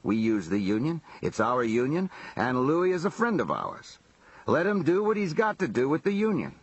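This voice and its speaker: A man reading as a husky, blunt mob underboss. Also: medium pitch, wildly swooping pitch, normal speed, no echo, lo-fi sound, exaggerated voice. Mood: aggrieved. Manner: blunt, profane, conversational. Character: blunt, streetwise male mob underboss telling his story.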